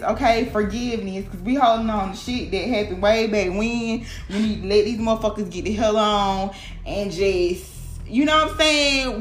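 A woman doing a casual tarot reading, animated and profane, talking straight to her viewers. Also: medium pitch, a little slow. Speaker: tarot reader. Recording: echoey room with clear background noise.

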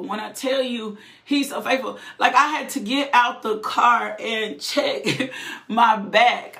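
A woman's voice: a little high, a bit bright. A woman giving a fervent, emotional personal testimony, repeating phrases and breaking into laughter. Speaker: testifying believer. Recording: roomy echo.

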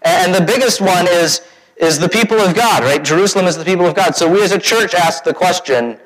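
A man's voice: high-pitched, fairly quick. A pastor giving a conversational sermon, often asking his congregation questions and acting out quoted voices. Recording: long hall reverb.

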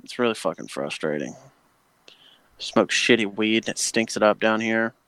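A man's voice: on the low side, lively intonation, normal speed, fairly bright tone, dry recording. A man, chatting casually and telling long, profane stories as he rants about everyday annoyances. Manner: profane, ranting storyteller. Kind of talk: casual chat. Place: home patio.

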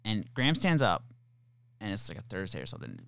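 A man in his thirties chatting casually, telling lively stories about his kids and acting out what they said. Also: lowish voice, fast, gravelly. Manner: animated storyteller, acts out his kids' voices. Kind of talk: casual chat.

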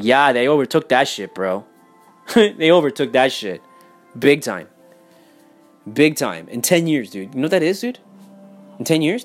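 A young man in a heated, profane, casual rant. He repeats himself and swings between loud outbursts and muttering. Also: fairly high pitch. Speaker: vlogger. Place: home in Miami.

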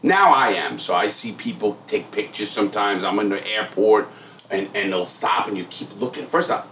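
A man's voice: fairly low pitch, expressive, normal speed, fairly bright tone, slight background noise. A man hosting a podcast, speaking bluntly and profanely in a rambling, casual interview style. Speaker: podcast host.

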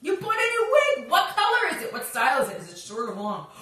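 Woman host of a live-stream chat, bright and bubbly with a sing-song lilt, recorded off-mic in an echoey room. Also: high-pitched, wildly swooping pitch, fast talker, recorded from a distance. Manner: bubbly, sing-song, greets viewers by name.

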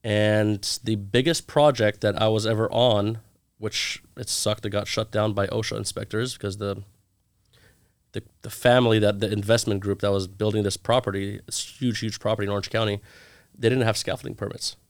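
A man's voice: on the low side, normal speed, no room sound. A man in his thirties, a guest in a casual interview, telling stories with energy and acting out the lines of the people in them. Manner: animated storyteller acting out quoted dialogue.

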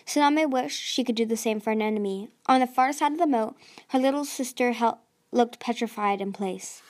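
A woman's voice: fairly high pitch, brisk, a little mellow. A woman hosting a podcast, reading a novel aloud expressively with small stumbles. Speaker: audiobook podcast host.

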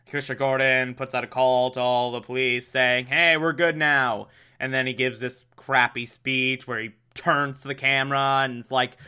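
A man's voice: medium pitch, brisk, pushed and bright, smooth. A man giving a sarcastic, exasperated recap of an old TV episode, mocking it and laughing at it. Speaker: show recapper.

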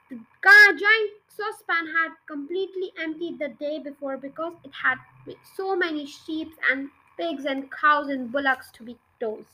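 A woman with a very high voice reads a children's storybook aloud for her podcast. Her tone is bright and forceful. She keeps the reading lively and stumbles now and then. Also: normal speed, hardly any pauses, low-quality recording. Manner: lively, animated reading with small slips. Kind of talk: children's book read-aloud.

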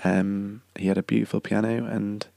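Speaking at a moderate pace with a lowish, level, creaky and dark tone, a young man with a slight cough hosts his podcast in a rambling, self-correcting, chatty monologue. He's also a singer-songwriter, and there's no room sound.

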